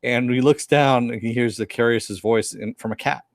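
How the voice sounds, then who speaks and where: Speaking at normal speed in a mid-range voice with fairly even intonation, a podcast co-host chats casually about a TV episode, recounting scenes and voicing characters' lines for a moment. The sound is studio quality, with no room sound.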